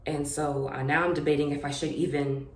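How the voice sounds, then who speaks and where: A young woman telling a personal story in an unscripted vlog, halting, with many fillers and restarts. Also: deep voice, little pitch movement, a little mellow, roomy sound. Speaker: vlogger.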